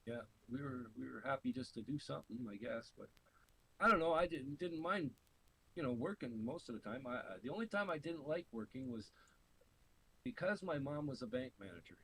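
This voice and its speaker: A middle-aged man from Canada telling stories in casual chat, swearing freely and animated, often laughing through his stories. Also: mid-range voice, a little fast, low-quality recording. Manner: profane, animated storyteller with laughs. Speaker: podcast co-host. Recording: faint hiss.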